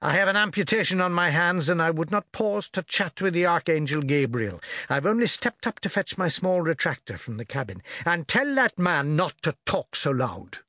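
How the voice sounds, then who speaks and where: A man's voice: fairly high pitch, sing-song, normal speed, few pauses, pushed and bright, no echo, voice pushed up, exaggerated voice. Man reading as a tired cranky ship doctor, curt and impatient, dry sound. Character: exhausted irritable male ship's surgeon.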